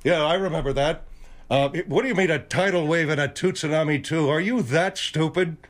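A man's voice: fairly high pitch, normal speed, pitched above the performer's own voice, lightly acted. Man doing a phlegmy old general. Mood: needling. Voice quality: cracking, phlegmy voice. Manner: needling, wisecracking. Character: old military general, gruff and teasing, phlegmy voice.

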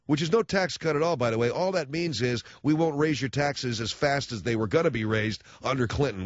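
A man's voice: mid-range voice, fairly quick, hardly any pauses, no room sound, muffled recording. Sarcastic ranting male radio host. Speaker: radio talk show host. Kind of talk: political rant on talk radio.

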